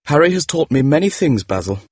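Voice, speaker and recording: A man's voice: on the high side, big pitch swings, fairly quick, a little mellow, breathy edge, no room sound. A man playing a vain, defiant young man. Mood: cold. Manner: defiant, emphatic outbursts. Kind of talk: audiobook drama reading.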